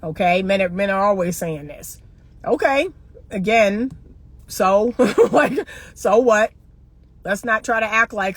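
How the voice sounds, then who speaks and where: A middle-aged woman speaks straight to her viewers as a relationship coach, in a blunt monologue. She lectures emphatically and drives her points home by asking the same pointed question again and again. Her voice sits at an ordinary pitch for a woman. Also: unhurried, no echo. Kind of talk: opinionated monologue to camera.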